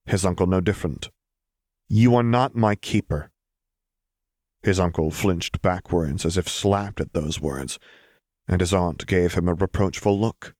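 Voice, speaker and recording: Deep-voiced male storyteller, calm and measured. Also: no room sound, studio quality. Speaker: audiobook narrator. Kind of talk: scripted fanfiction narration.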